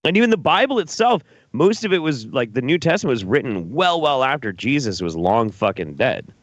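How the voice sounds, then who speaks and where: A man's voice: medium pitch, sing-song, brisk, no room sound. A male host chatting casually about clips, blunt, profane and openly incredulous. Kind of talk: casual chat reacting to clips.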